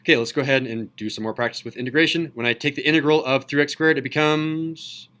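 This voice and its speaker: A man's voice: mid-range voice, steady tone, quick pace, pushed and bright. Male teacher, mid-range voice, enthusiastic classroom lecture, quizzes the room as he goes. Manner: enthusiastic, asks students questions. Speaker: high school math teacher.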